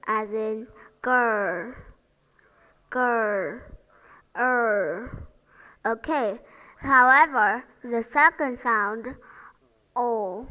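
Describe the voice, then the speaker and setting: A woman's voice: a little high, sharp tone, long reverb tail, low-quality recording. A woman teaching English pronunciation, modeling each sound carefully and asking learners to repeat after her. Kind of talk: slow, careful pronunciation lesson.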